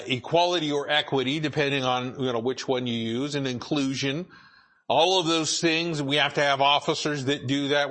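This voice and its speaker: A man preaching a sermon as pastor, halting with many repeated words and filler sounds. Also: on the high side, a bit bright.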